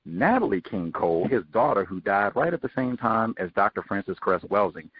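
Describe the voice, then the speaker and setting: A man hosting a book study show, giving sarcastic, animated commentary as he reads. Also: fairly low pitch, normal speed, breathy edge, no echo, highs cut off. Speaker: host.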